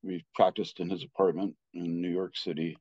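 A man in his sixties, a Buddhist teacher, telling a personal story in a halting way with many restarts. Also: sits low, level tone, mellow, breathy edge, no echo. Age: 60s. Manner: halting, with frequent restarts and filler. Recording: slightly muffled dry recording.

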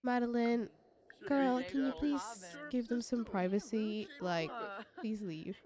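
A woman's voice: fairly high pitch, steady tone, slow pace, crowd noise. Bubbly woman gushing over gameplay. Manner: gushing and chatty, giggles often. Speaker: let's play creator. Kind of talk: casual gameplay commentary.

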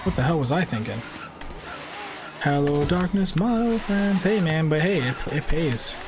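In his twenties, this guy streams a racing game with loud engine noise roaring behind him. His voice is fairly high, animated and a little slow, and he's brash and sweary, trading jabs with the trolls in his chat.

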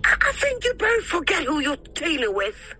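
A woman pleading frantically on a sketch phone call, repeating herself over and over. Her voice is very high and swings up and down. It has a bright, piercing edge. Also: sing-song, moderate pace, soft background music.

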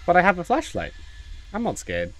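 A man's voice: high-pitched, huge pitch swings, normal speed. Cocky, joking male streamer. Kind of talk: casual gameplay commentary.

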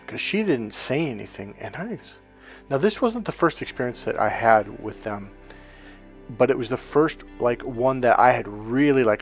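A man's voice: mid-range voice, expressive, moderate pace, soft background music. A man teaching as a spiritual coach, talking casually, telling rambling stories and often checking in with "okay?". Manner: rambling anecdotal storytelling.

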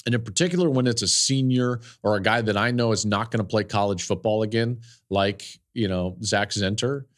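Male podcast host, lowish voice, earnest and emotional storyteller. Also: a little fast. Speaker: podcast host, football analyst. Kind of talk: podcast commentary, personal storytelling.

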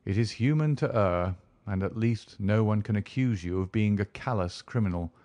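A man voicing a calm, shrewd male detective who talks in a suave, measured, deliberate way. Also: on the low side, no room sound, natural voice. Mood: explaining. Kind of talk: audiobook character reading.

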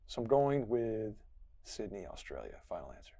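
A man competing in an office quiz, rambling as he reasons out loud in casual chat. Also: lowish voice, big pitch swings, moderate pace, creaky, dry recording. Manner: rambling, thinking aloud. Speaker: quiz contestant.

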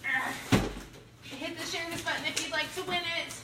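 A woman hosting a live unboxing from her home, bubbly and excited, greeting viewers by name. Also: extremely high pitch, normal speed. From Ohio, US. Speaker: product review livestream host. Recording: echoey room with background noise.

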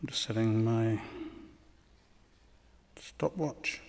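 A man's voice: fairly low pitch, drawn-out words, gravelly. A man giving a conference lecture, hesitant with many ums and dry ironic asides. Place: lecture hall. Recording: long hall reverb.

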